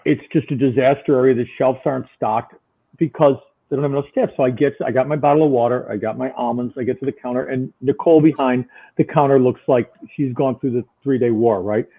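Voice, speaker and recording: Chatty guest, man from Buffalo, middle pitch, animated storyteller, phone-line audio. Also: fast talker. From Buffalo, New York. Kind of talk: storytelling in casual chat.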